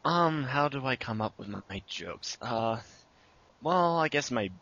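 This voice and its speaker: A man's voice: medium pitch, expressive, a little slow, sharp tone, no room sound, muffled recording. A young man answering interview questions about making his abridged series, casual and rambling with many fillers.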